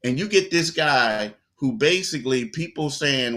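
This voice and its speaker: A man co-hosting a sports talk show, telling stories in a loose, animated way with lots of quoted asides. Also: mid-range voice, normal speed, few pauses.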